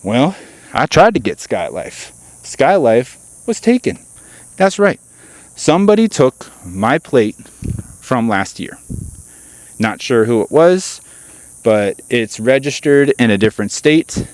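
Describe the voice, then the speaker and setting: A man's voice: mid-range voice, very animated, slow, darkish tone, no room sound. A man hosting a car channel, chatting casually to his viewers while standing outdoors beside his car. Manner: chatty, addresses viewers directly. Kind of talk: casual vlog chat.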